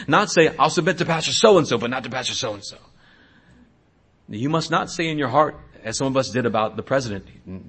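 A man in his thirties, a pastor preaching a sermon, swinging between hushed asides and loud exhortation. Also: medium pitch, breathy edge.

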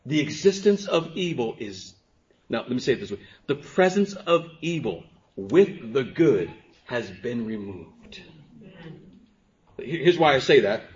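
Man preaching with hushed-to-emphatic swings. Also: medium pitch, sing-song, unhurried. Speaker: pastor. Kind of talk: sermon. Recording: dull lo-fi sermon recording.

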